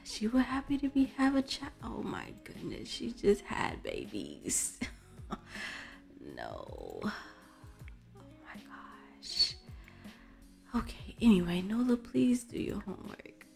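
A woman's voice: mid-range voice, huge pitch swings, slow pace, gravelly, long pauses. A woman hosting a casual let's play, chatting and exclaiming at the characters in her game. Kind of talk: casual gameplay commentary. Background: faint background music.

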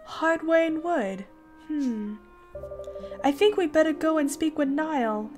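A woman's voice: sits high, expressive, takes it slowly, a little mellow, soft background music, voice pushed up. A woman reading the lines of an earnest, polite young boy king in a video game.

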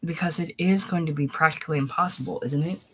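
A man voicing a young wife who questions her husband in a sharp, exasperated way. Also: a little high, fairly even intonation, fast talker, slight background noise, lightly acted.

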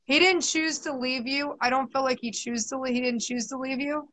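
High-voiced woman giving a psychic reading. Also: steady tone, normal speed, a bit bright, a little hiss or hum, poor audio. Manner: repetitive, soothing, chatty. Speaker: psychic medium. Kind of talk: live spirit reading.

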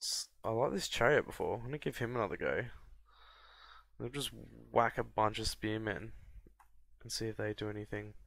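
A man from Australia, casually commentating a strategy game and often breaking into high excited yelps and laughs. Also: normal speed, vocal fry, dry recording, studio quality. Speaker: gameplay commentator. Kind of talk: casual let's-play commentary.

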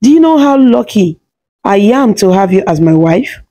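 Storybook role: woman voicing an affectionate young husband, soft-spoken, mellow. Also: mid-range voice, animated, normal speed, natural voice. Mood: gentle. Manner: soft, gentle.

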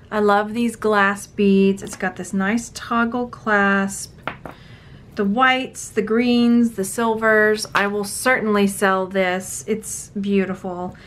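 A woman's voice: medium pitch, fairly even intonation, takes it slowly. A woman, chatting playfully in a casual unboxing vlog, sorting jewelry to resell. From Texas. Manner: chatty, playful, talks to objects.

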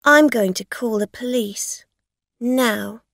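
A woman's voice: a little high, takes it slowly, creaky, fairly bright tone, no echo, clean studio sound, voice pushed up, full character voice. A woman voicing a scheming con woman who makes blunt, accusing demands.

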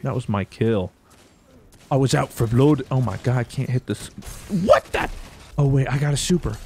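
A young man talks over his own gameplay, joking, grumbling and suddenly yelling when something goes his way. His pitch swings widely, landing at an ordinary middle height between the outbursts. There is a faint hiss of noise under his voice. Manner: excitable, jokey, with sudden loud outbursts. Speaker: gaming YouTuber. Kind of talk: gameplay commentary.

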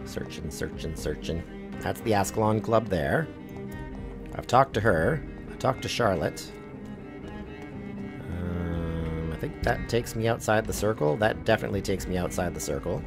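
A man streaming a game live, chatting casually and reacting loudly to what happens on screen. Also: on the low side, lively intonation, normal speed, gravelly, pauses often. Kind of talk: live gameplay commentary. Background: game music.

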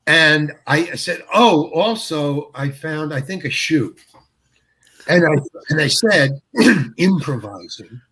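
Husky older man telling stories. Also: fairly high pitch, a bit bright. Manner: halting, restarts, chuckles through stories. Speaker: actor guest. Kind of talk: anecdotal interview storytelling.

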